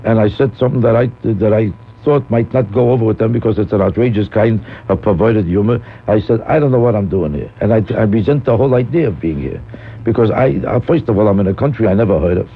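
On an old radio broadcast with a tinny, phone-like sound, a guest host tells a rambling comic story. His voice sits on the low side and is slightly rough, and he talks quickly.

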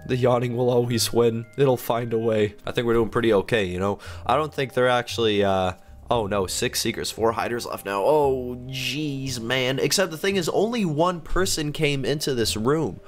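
Over faint background music, a man in his 20s hosts a gaming video at a fairly quick pace, playful despite being sick and yawning. He gets excitable, his voice leaping higher when he's startled.

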